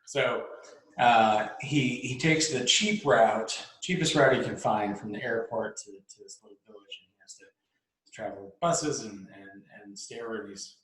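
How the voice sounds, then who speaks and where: A man's voice: lowish voice, normal speed, fairly bright tone. A man casually telling a long story, rambling with restarts, laughs and swearing. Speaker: podcast host telling a story. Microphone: laptop mic. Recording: echoey room.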